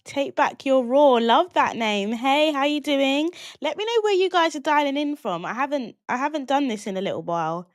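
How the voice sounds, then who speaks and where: A woman's voice: high voice, lively intonation, no echo, clean studio sound. Upbeat woman teaching live online. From London, England. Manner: chatty and upbeat, greeting viewers by name with quick laughs. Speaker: business coach hosting a live online masterclass. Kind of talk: casual live-stream teaching.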